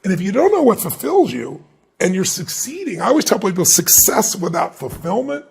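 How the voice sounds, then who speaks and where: A middle-aged man with a gravelly, husky voice that sits a little high for a man. He answers as an interview guest, telling stories with animated energy and acting out the people he quotes. He talks like a motivational speaker. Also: fairly quick.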